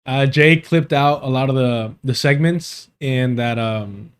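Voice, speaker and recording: A man's voice: medium pitch, a little slow, clear, resonant tone. A man hosting a live stream in casual, rambling chat, laughing often and swearing freely.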